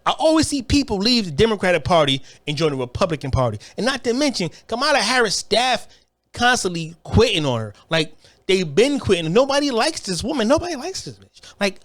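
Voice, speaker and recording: A man in the middle of a fired-up political monologue. His voice sits high and swings widely, and he curses freely. He keeps stumbling into restarts as he talks. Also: a bit bright. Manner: heated, profane, repetitive restarts. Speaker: online commentator.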